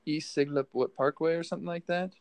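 A man hosting a podcast, telling a relaxed story with hesitant fillers. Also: on the high side, fast, no room sound. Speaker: podcast host. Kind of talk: casual chat.

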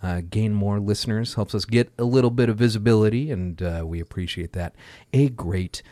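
A man's voice: lowish voice, moderate pace, warm tone, dry recording. Male podcast host, easygoing and jokey, dry close recording. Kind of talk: casual podcast chat and sign-off.

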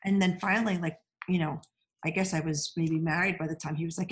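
Casting: woman, slightly low voice, chatty storyteller with frequent restarts, relaxed conversational feel. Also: brisk. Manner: chatty storyteller, warm laughs, many restarts. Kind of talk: casual chat.

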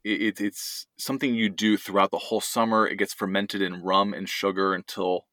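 A man in his thirties talks in a relaxed, rambling way on a podcast. His voice sits low but has a bright, forward edge. The sound is dry and close to the mic. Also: normal speed, no echo. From United States. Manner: easygoing, rambling, restarts often. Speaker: podcast co-host. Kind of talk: casual family chat.

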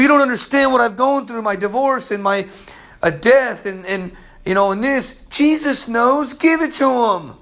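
A pastor delivers a sermon with emphatic, streetwise energy. His voice swings between loud calls and low, quiet murmurs.

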